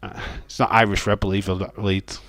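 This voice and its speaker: A man's voice: fairly low pitch, fairly bright tone, no room sound. A man hosts a casual wrestling watch-along stream, joking with his chat, reading viewer comments aloud and laughing often. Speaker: livestream host.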